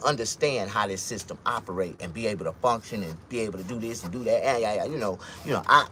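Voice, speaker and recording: A man's voice: mid-range voice, fairly bright tone, a little hiss or hum. A man delivering a blunt, profane, casual monologue rant as a vlogger, telling stories along the way.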